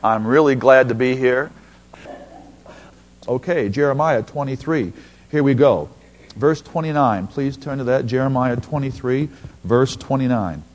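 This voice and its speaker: A man preaching a sermon as a visiting speaker, animated, calling for responses from the congregation and bursting into loud exclamations. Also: medium pitch, unhurried, long pauses.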